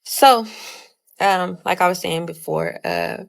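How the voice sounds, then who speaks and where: A woman's voice: fairly low pitch, slow, gravelly. A young woman casually telling a personal story, retelling it with lots of "I was like" quotes.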